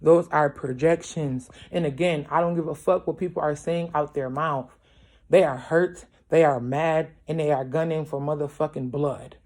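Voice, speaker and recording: A tarot reader, a mother who is somewhere between young adult and middle-aged, gives a casual reading at home late at night, talking bluntly and swearing heavily. Her low voice is fairly even in intonation at a moderate pace, and she keeps checking in with viewers by asking "you feel me," getting louder and more emphatic as she gets worked up.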